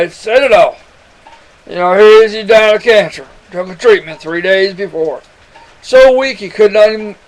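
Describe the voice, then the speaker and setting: Recorded roughly, a man with a high-sitting voice tells a personal testimony to his webcam. He rambles earnestly and addresses the listener as son.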